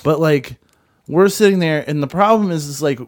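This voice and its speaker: A man's voice: a little high, moderate pace. A young man chatting casually, telling a rambling story with plenty of swearing. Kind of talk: casual chat.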